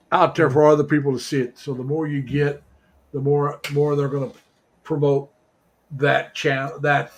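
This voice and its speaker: Middle-aged American man, slightly higher voice, hosts a casual live chat and rambles through fillers. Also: gravelly, poor audio. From United States. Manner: rambling, halting with many fillers. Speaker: livestream host.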